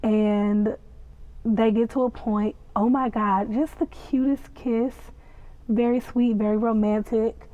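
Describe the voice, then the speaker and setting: A woman hosts a podcast, recapping and reacting to a TV episode in a gushing, chatty manner with playful asides. Her voice is a little high and warm, with fairly even intonation and a slow pace. The recording is dry and sounds tinny, like a phone.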